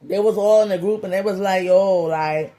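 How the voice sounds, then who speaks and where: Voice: mid-range voice, level tone, fast, dark tone. A tarot reader giving a comedic reading in a loose, slangy, playful way, with profane jokes and lots of repeated phrases. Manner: profane joking.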